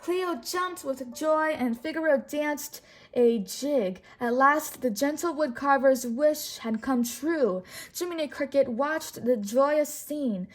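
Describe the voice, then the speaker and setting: High-voiced woman reading a storybook. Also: slow pace, low-quality recording. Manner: stumbles and rereads words. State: sore throat. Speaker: storybook reader. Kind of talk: reading a picture book aloud.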